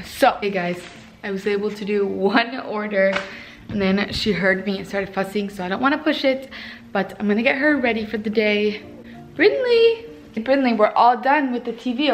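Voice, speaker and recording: A woman's voice: medium pitch, slight background noise. A young woman, a mother, chatting casually straight to her viewers on a handheld phone camera as she goes through her day at home and on a walk, with lots of "like" and "literally". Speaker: vlogger mom. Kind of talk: casual day-in-the-life vlog. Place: home, then outdoors on a walk and at a park. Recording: music playing underneath.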